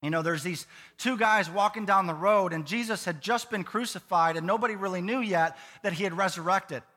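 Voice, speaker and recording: High, bright-voiced preacher in a reverberant church. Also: male voice, brisk. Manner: lively, conversational, with playful asides. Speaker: pastor. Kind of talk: sermon. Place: church sanctuary. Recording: long reverb of a church hall.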